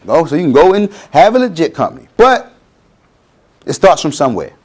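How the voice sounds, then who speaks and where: A man's voice: a little high, big pitch swings, fairly quick, darkish tone. A middle-aged man, giving a motivational talk to students and acting out quotes in changing voices. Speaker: guest speaker.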